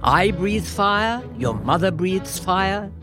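A woman voicing a proud, stern father dragon who speaks slowly and emphatically, over soft background music. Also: medium pitch, lively intonation, pitched above the performer's own voice. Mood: insistent. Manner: slow, emphatic insisting.

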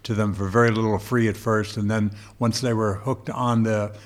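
A man's voice: fairly low pitch, level tone, moderate pace. A man from Long Island co-hosting a casual chat, explaining things at length and often reaching for metaphors. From Long Island, New York. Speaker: co-host.

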